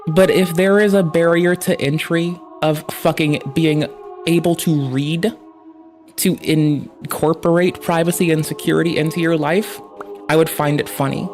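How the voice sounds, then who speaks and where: A man's voice: fairly high pitch, flat delivery, a little slow, a little mellow, soft background music. Profane ranting streamer man. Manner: heavily profane, heated. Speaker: livestreamer. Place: at his desk.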